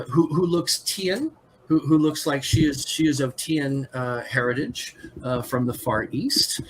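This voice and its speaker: A man narrating a tabletop game as game master, halting with many fillers and restarts. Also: mid-range voice, fairly bright tone, a little hiss or hum, low-quality recording.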